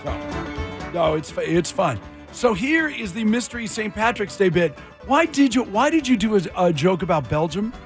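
A man's voice: high-pitched, sing-song, moderate pace, faint music behind. A man hosting a radio show, bantering playfully and bossing his co-hosts through a game. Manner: playful, bossy game-runner. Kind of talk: casual morning radio banter.

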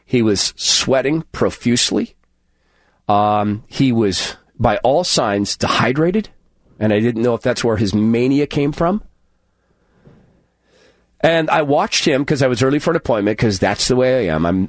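A man hosting a radio show, telling a personal story in an earnest, halting way and acting out the dialogue. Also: medium pitch, lively intonation, no echo, studio quality. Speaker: radio host.

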